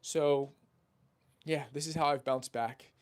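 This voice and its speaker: A man's voice: a little high, steady tone, takes it slowly. Young male dating coach: brash, salesy, swears freely, acts out friends in quotes. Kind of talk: casual talking-head monologue.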